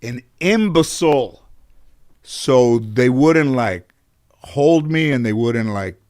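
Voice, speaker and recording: A mid-range, somewhat mellow voice with lively intonation moves at a slow pace. It belongs to a middle-aged Los Angeles-area comedian who, as a casual interview guest, tells stories from childhood, mimicking relatives and swearing freely.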